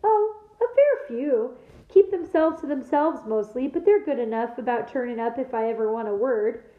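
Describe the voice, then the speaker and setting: Woman doing a gruff rough-spoken gamekeeper. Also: fairly high pitch, lively intonation, moderate pace, natural voice. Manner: rough dialect, blunt. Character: big gruff male gamekeeper, blunt and protective. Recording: echoey room, tinny phone-like sound.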